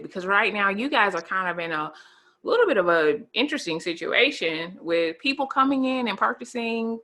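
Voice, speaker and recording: A woman hosting a casual talk show, speaking in an animated, emphatic way and laughing easily. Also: lowish voice. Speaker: host.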